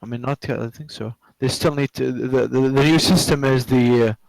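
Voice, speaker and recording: A man developer chatting casually while coding, halting and repeating words, muttering to himself at times. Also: medium pitch, steady tone, gravelly, darkish tone, dry recording, poor audio. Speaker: game developer streaming.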